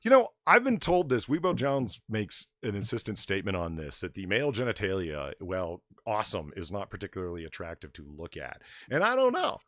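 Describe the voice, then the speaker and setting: A man's voice: lowish voice, a little fast, hardly any pauses, no room sound, studio quality. A man hosting a live stream, rambling casually and reading out donations. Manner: rambling, animated, reads donations aloud. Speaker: stream host. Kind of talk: casual livestream chat.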